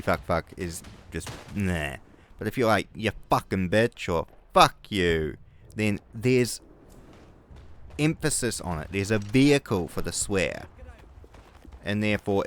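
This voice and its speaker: Young kiwi guy gaming, lowish voice that swings all over, swears a lot, some gunfire faint behind. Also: fairly bright tone, slight background noise. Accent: New Zealand. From New Zealand. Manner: profane, rambling, flares into angry outbursts. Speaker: gaming video creator. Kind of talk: rambling gameplay commentary.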